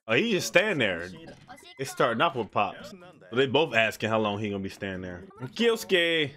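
A man hosting an anime reaction channel, talking in slangy, excitable casual commentary and laughing often. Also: mid-range voice.

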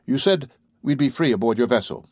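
An earnest, formal professor pleads his case politely, as a man reads him in an audiobook. The tone is slightly husky and dry. The pitch is middling. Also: animated, fairly quick, a little mellow, no room sound. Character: earnest male professor, captive and indignant. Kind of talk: audiobook character reading.

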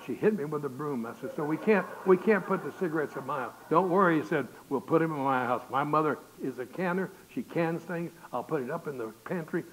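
A man's voice: mid-range voice, fairly bright tone, rough recording. An older male pastor, telling a folksy storytelling sermon and acting out the voices in his tales. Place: church. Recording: hissy recording with faint noise.

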